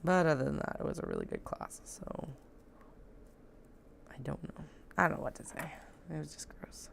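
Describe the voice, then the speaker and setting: A woman's voice: deep voice, wildly swooping pitch, moderate pace, gravelly, slight background noise. A woman talking casually as she sews, joking and chatting to herself while she works in a home sewing room. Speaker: sewing vlogger.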